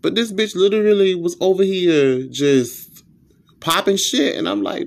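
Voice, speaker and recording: A man hosting a podcast, telling a comedic, profane rant in an animated storytelling style. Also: a little slow, gravelly. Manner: animated, profane storytelling with sudden pitch jumps. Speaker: podcast host.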